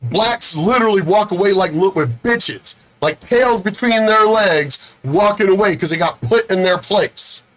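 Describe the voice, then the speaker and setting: A man's voice: high voice, animated, measured pace, hardly any pauses, a bit bright, poor audio. A man hosting his own video, delivering an angry, profane rant with lots of repetition. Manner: says he is angry and fed up. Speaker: video host.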